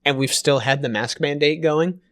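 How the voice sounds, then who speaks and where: A man's voice: a little high, normal speed, fairly bright tone. A young Canadian man co-hosting a podcast in casual chat, joking and swearing with mock exasperation. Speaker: podcast co-host.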